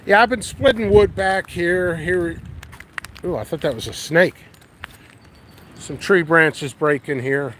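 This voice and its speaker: A man's voice: on the high side, slow, pauses often, fairly bright tone. A man hosting a casual walking vlog in his windy backyard, rambling easily and thinking aloud. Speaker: pepper grower and channel host. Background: light wind and outdoor noise.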